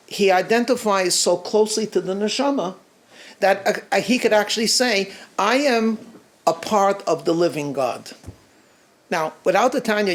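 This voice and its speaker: Animated storytelling rabbi, halting restarts. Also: male voice, high voice. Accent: American. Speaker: rabbi giving a talk. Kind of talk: storytelling talk at a gathering.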